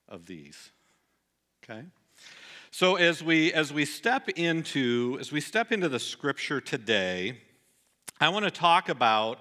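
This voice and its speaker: A middle-aged man delivering a sermon, telling a personal story earnestly and dropping soft and low at the sad moments. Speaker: pastor.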